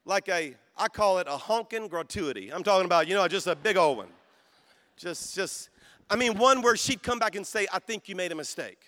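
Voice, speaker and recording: A man preaching a sermon at a conference, telling a story in a soft voice and then building to shouted calls for praise. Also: sits high, expressive, brisk. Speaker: pastor. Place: conference hall.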